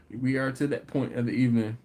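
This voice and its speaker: In a mid-range voice, a man hosts a barbecue channel live stream, talking casually and replying to viewers' comments. He laughs a lot, stays animated, and escalates into exasperated rants.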